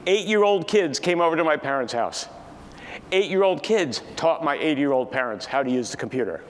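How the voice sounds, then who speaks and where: A man in his sixties giving a keynote talk, telling a family story with lively acted-out dialogue. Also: a little high, brisk, a little hiss or hum. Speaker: keynote speaker. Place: large conference hall. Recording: distant echoey hall with faint ambience.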